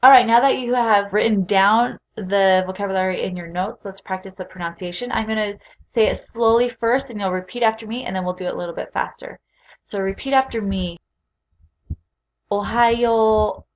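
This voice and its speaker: A woman teaching a recorded beginner language lesson, speaking clearly and patiently as she leads repeat-after-me drills. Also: mid-range voice, fairly quick, highs cut off. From Utah.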